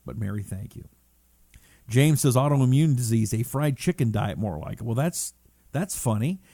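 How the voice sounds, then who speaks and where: A middle-aged man hosts a casual talk stream at a mid-range pitch, reading viewer comments aloud and wandering off into asides. His voice is captured dry and close to the mic with no room sound. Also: animated, moderate pace, vocal fry, warm tone, no room sound. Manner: chatty, rambling, reads comments aloud and jokes. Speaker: talk show host.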